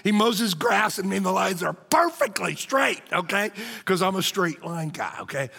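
A male pastor preaching a sermon in a church, animated and joking, calling out to the congregation. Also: sits high, normal speed, gravelly, slightly rough, in a large hall. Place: church sanctuary.

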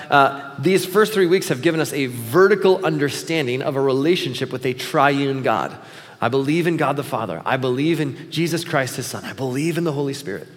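A man preaching a sermon as pastor, in a conversational way with frequent filler words. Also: fairly high pitch. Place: church sanctuary. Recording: long hall reverb.

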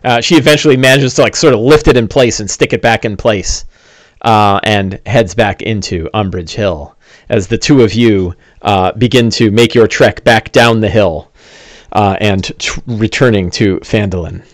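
A man's voice: fairly low pitch, normal speed, no echo. Easygoing man narrating as game master. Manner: easygoing, with many "uh"s.

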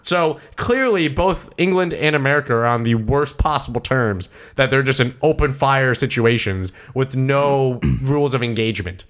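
A man's voice: mid-range voice, moderate pace, few pauses. A young man recapping a movie in casual chat, rambling and swearing with many side notes. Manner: rambling, animated, profane, full of side notes. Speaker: podcast co-host recapping a movie.

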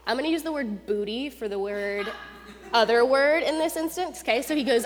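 A young adult woman preaching a sermon in a conversational, animated way, acting out quotes with rising intensity. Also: on the high side, fairly quick. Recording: long reverb of a large hall.

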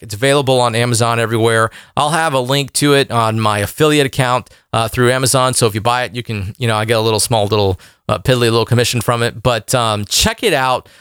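A podcast host telling a story in a casual, rambling monologue. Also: male voice, mid-range voice, smooth, no room sound, studio quality. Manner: animated, rambling with fillers.

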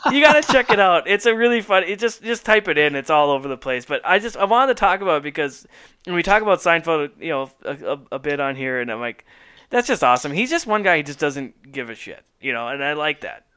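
A man co-hosting a podcast in casual chat, excitable and rambling, laughing often. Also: on the high side, fairly quick, smooth. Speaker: podcast co-host.

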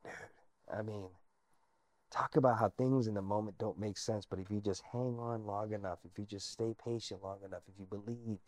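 A man with a low voice recounts his story as an interview guest, earnest and animated, sometimes sinking almost to a whisper. The sound is dry and close, with no room echo. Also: a little fast. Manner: earnest, animated, drops to near-whisper at emotional points. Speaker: guest, army veteran.

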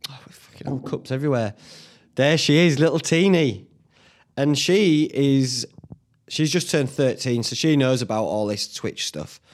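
Alone in a small home studio, a man hosts a casual podcast in an unhurried, mid-range voice. He rambles chattily, lets casual swears slip and laughs at himself.

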